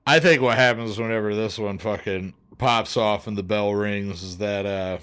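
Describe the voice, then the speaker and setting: A man's voice: on the low side, normal speed, fairly bright tone, smooth. A man co-hosting a podcast, telling a comic story in a rambling, profane way. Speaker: podcast co-host.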